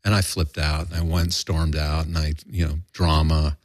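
A man's voice: very deep voice, little pitch movement, normal speed, dry recording, studio quality. An older man telling a rambling, profane story in a candid interview, acting out quoted voices. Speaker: guest.

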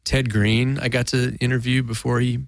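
A man's voice: mid-range voice, little pitch movement, normal speed, gravelly, dry recording. A man talking as a guest musician in a casual interview, rambling and self-deprecating, laughing often.

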